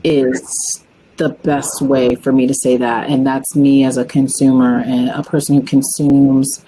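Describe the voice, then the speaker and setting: A woman hosting a podcast, talking in a relaxed, measured and upbeat way. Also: very deep voice, a little hiss or hum, low-quality recording. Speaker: podcast host. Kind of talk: casual podcast interview.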